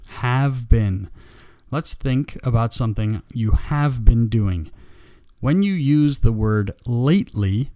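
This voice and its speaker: A man teaching a live English grammar lesson, patient and slow, repeating example sentences for learners. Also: mid-range voice, a little mellow, dry recording, studio quality. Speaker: ESL teacher.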